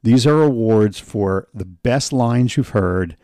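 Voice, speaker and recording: A man's voice: lowish voice, expressive, slow pace, dark tone, no echo, clean studio sound. A man co-hosting a casual podcast, laid-back and agreeable, often laughing. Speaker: podcast co-host.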